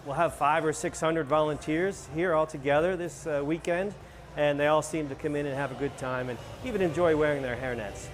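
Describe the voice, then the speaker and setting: A man's voice: a little high, fairly quick. A man volunteer speaking casually and cheerfully in an interview. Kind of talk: interview soundbite.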